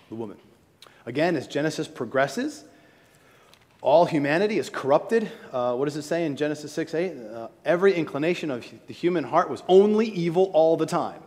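A man delivering a sermon, building to emphatic high points and then dropping quiet and low. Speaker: preacher. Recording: long reverb of a large hall.

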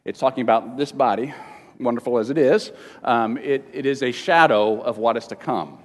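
A man teaching a Bible lesson to a congregation in a casual, halting way, often repeating words and slipping in jokes, at times emotional. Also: mid-range voice. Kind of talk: informal teaching sermon with questions to the room. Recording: long reverb of a large hall.

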